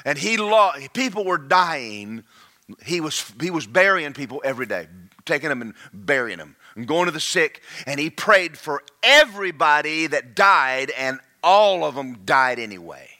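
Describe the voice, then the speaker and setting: A male pastor preaching a sermon, folksy and fervent, swinging from quiet asides to shouting. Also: a little high.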